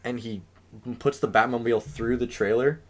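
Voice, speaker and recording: A young man co-hosting a podcast, chatting casually, swearing freely and ranting with sudden loud outbursts. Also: medium pitch, steady tone, normal speed. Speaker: podcast co-host. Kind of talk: casual chat.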